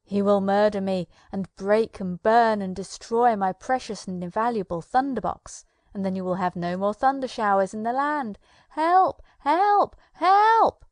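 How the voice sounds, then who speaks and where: A woman voicing a blustering, cowardly male conjurer in a storybook reading, gruff when he taunts and shrill when he panics. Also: steady tone, normal speed, mellow, no room sound, clean studio sound, lightly acted. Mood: screaming panic.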